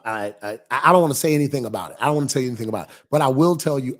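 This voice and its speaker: A husky-voiced man talks loosely on a livestream as a pastor. He is animated and repeats his points, stopping to read viewer comments aloud. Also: mid-range voice. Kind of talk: casual livestream chat.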